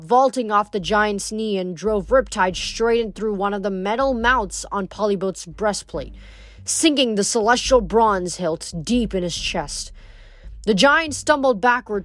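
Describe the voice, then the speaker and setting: A woman's voice: mid-range voice, measured pace, no echo. A woman reading a novel aloud, with occasional stumbles and self-corrections. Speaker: audiobook reader.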